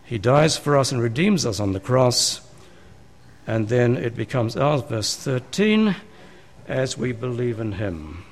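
A man's voice: medium pitch, big pitch swings, a little slow, gravelly. A man, a pastor preaching a sermon in a church, talking conversationally and asking his listeners rhetorical questions.

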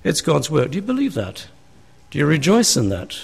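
A man's voice: fairly high pitch, huge pitch swings, normal speed, vocal fry, breathy edge. Man preaching with rhetorical questions. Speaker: pastor. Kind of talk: sermon. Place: church.

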